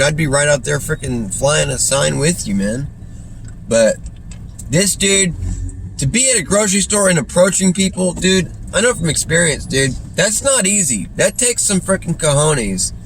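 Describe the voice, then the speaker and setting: Slangy rambling man, faint car hum. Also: a little high. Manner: slangy, keeps saying dude and freaking. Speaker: streamer. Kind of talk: casual rambling storytelling.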